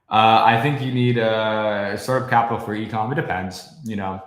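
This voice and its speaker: A man's voice: fairly low pitch, steady tone, normal speed, a bit bright. Ranting young man in an echoey room. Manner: profane, ranting, talks to chat. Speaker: livestreamer. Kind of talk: casual livestream rant.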